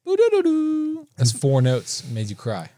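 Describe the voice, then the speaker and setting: A man's voice: mid-range voice, lively intonation, normal speed, darkish tone, dry recording. Chatty self-mocking man, dry podcast mic. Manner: chatty, self-deprecating, laughs. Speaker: podcast co-host. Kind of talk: casual chat.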